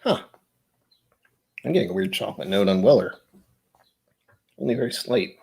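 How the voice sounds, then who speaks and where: A man's voice: on the low side, animated, normal speed, vocal fry, darkish tone, slightly rough. A man hosting a casual livestream, rambling and chatty with frequent laughs, his voice a bit tired. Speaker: livestream host.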